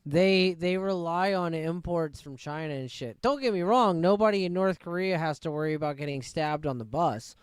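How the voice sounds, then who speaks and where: A man's voice: a little high, moderate pace, few pauses, clean tone, no room sound. A man in casual podcast chat, blunt and offhand, swearing freely. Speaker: podcast co-host.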